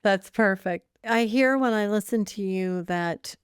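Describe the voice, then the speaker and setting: A woman hosting a podcast interview, reflecting back and asking questions in a measured, affirming way. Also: medium pitch, smooth, no echo, clean studio sound. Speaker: podcast host.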